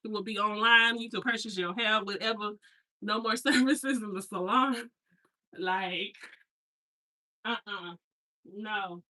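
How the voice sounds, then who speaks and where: A woman's voice: medium pitch, slow pace, pauses often, sharp tone, poor audio. A woman in her thirties, a hair stylist, chatting casually and telling rambling family stories with slangy asides while she unpacks. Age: 30s.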